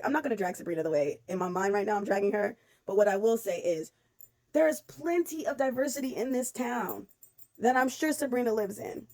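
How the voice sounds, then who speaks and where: A woman ranting bluntly on camera, swearing freely and talking in an animated, exasperated way. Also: a little high. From United States. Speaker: vlogger. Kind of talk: casual commentary rant.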